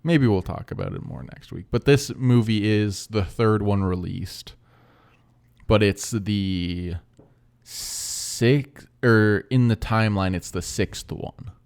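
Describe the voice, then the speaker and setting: Casting: young male podcast co-host, lowish gravelly voice, relaxed conversational delivery. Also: slow. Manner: laid-back, drifts into mock quotes. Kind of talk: casual movie podcast chat.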